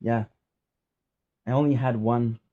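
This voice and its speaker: A man's voice: mid-range voice, fairly even intonation, takes it slowly, phone-quality sound. A man talking casually to his viewers as a gaming streamer, frustrated, swearing and repeating himself. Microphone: phone.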